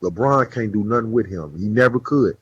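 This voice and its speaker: A man's voice: fairly low pitch, animated, a little fast, slightly rough, dry recording. A man co-hosting a podcast, arguing sports points in slangy casual talk and reeling off stats. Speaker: podcast co-host. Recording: dry, dull, slightly muffled mic.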